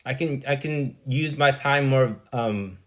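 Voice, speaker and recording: A man's voice: medium pitch, slow. A man delivering a rambling, blunt monologue, dismissive and exasperated, often tagging "right?" onto his points. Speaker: vlogger.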